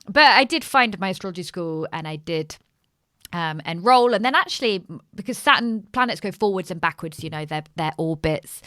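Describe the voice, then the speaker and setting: A woman in her thirties, an astrologer guest telling a story in casual podcast chat, animated, swearing casually and acting out the voices of people she quotes. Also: on the low side, dry recording, clean studio sound.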